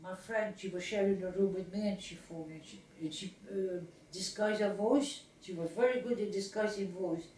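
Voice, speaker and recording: Casting note: older mother telling a story, mellow voice, a bit distant in a roomy space with faint hiss. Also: mid-range voice, normal speed, few pauses. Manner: lively anecdotal telling with laughter and restarts. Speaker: mother recounting memories. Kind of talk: family storytelling, home recording.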